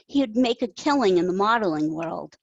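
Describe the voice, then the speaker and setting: A woman reading her own story aloud, voicing an insecure, self-doubting woman who talks earnestly and quickly. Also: mid-range voice, lively intonation, creaky, no echo, highs cut off.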